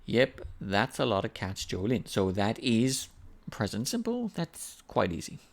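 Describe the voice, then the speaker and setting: A male English teacher with a fairly low voice and a gravelly, creaky edge. He explains grammar patiently and chattily, repeating each example so learners can follow. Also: huge pitch swings, measured pace. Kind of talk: language lesson.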